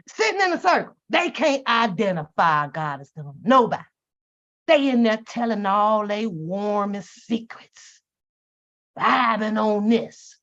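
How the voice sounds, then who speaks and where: A woman telling stories and giving comedic commentary in a profane, animated, joking way. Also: on the high side. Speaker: reaction channel host. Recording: dull lo-fi recording.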